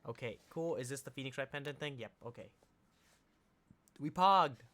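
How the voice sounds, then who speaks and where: A man's voice: medium pitch, fast talker. A man streaming live, reading a courtroom game aloud with offhand, self-mocking asides. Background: game music.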